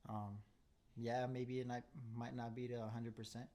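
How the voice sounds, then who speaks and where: A man's voice: mid-range voice, flat delivery, normal speed, warm tone. A young man chatting casually as a podcast host, laid-back, with lots of "bro" and "um" and frequent laughs.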